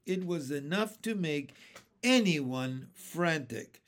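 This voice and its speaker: A man reading a children's book aloud with expressive, dramatic storytelling. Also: a little high, takes it slowly.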